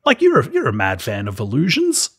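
A man's voice: mid-range voice, wildly swooping pitch, a little fast, a bit bright, slightly rough. A man co-hosting a podcast, chatting casually about a film with wry, sarcastic asides and frequent laughter. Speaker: podcast co-host. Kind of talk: casual film review chat.

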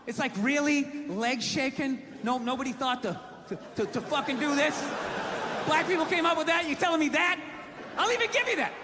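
A male comic with a very high voice speaks briskly on stage at a big comedy venue, ranting, cursing and telling exasperated stories. The live hall recording is noisy, with the audience laughing throughout.

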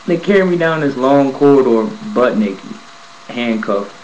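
A man casually telling a personal story to his viewers, animated and profane, acting out the scenes as he goes. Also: mid-range voice, a little slow, highs cut off, slight background noise. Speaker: vlogger telling a prison story.

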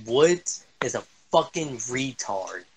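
A young man swearing and yelling his way through a shooter game as a gaming streamer. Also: mid-range voice, big pitch swings, slow, breathy edge. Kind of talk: angry gameplay commentary.

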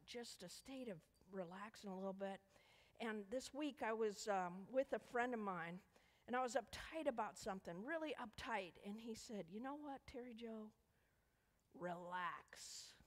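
In a church sanctuary, a woman with a medium-pitched, expressive voice leads a children's sermon at a measured pace, coaxing the kids with playful questions. The recording has the echo of a church hall.

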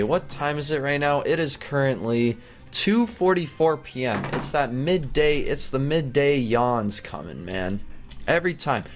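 A young man hosting a gameplay channel, talking through an obstacle course in excited casual commentary that jumps into high squeals when something surprises him. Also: moderate pace. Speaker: gaming channel host. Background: faint background music.

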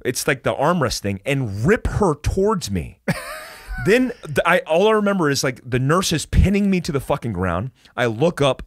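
With a voice on the high side and a moderate pace, this US man spins a wild story on a podcast. He's animated, swears heavily, and restarts sentences often; the recording is dry and studio quality.

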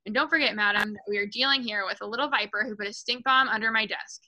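A woman's voice: medium pitch, quick pace, sharp tone, poor audio. A woman reading aloud and voicing a huge, bullying female headmistress who barks and mocks. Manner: barking, snapping, mocking.

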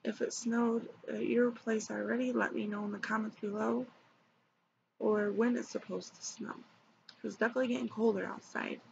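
A woman vlogging casually to her viewers, hoarse from losing her voice, rambling and relaxed. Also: a little high, normal speed. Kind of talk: casual vlog chat to viewers. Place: home at dim light. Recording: dull lo-fi with clear background hum.

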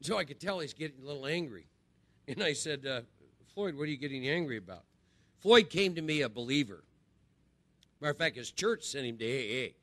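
A man's voice: medium pitch, lively intonation, a little fast, long pauses, pushed and bright, no echo. A middle-aged man gives a conversational spiritual recovery talk to a group, often checking in with "right?". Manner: conversational, repeats phrases and asks "right?". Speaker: recovery speaker.

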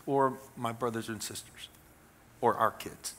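Middle aged guy preaching, from kansas, bright voice, chatty and folksy with dry jokes. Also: mid-range voice, fairly even intonation, unhurried. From Kansas, USA. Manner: conversational and folksy, with wry jokes. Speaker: pastor. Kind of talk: sermon. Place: church sanctuary.

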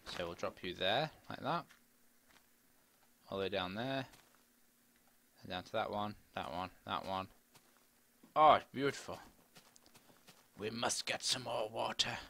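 Speaking at a measured pace in a somewhat low, creaky voice with long pauses, a middle-aged gaming commentator rambles chattily over his gameplay and bursts into excited squeals at times. It's a casual let's-play, recorded with a desk mic and face cam.

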